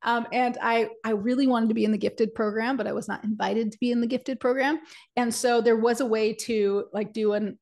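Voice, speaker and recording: A woman co-hosting a business webinar, telling a personal story in an animated, chatty way and speaking straight to her audience. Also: medium pitch, creaky. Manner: animated, chatty, many "like"s and acted-out quotes; addresses the audience directly. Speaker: webinar co-host and business coach. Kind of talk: energetic storytelling presentation.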